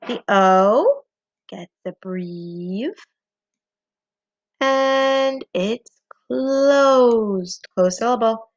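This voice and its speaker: A woman leads a phonics lesson at a slow, deliberate pace, patient and encouraging as she spells out each letter. Her voice is fairly high and moves a lot, with a gravelly edge. The recording sounds a little dull and lo-fi. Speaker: teacher. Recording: slightly dull lo-fi home recording.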